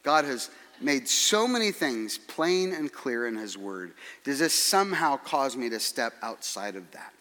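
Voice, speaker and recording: A man preaching a sermon as pastor, earnest and measured, with dry humorous asides. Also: mid-range voice, big pitch swings, bright, forceful tone, in a large hall.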